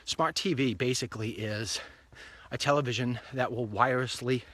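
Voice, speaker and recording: A man talks on his phone mic as he strolls along an outdoor street, rambling through his plans in a chatty, upbeat monologue. His voice is bright and forceful, with a middling pitch. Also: moderate pace. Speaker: online show host. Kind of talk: casual walk-and-talk monologue.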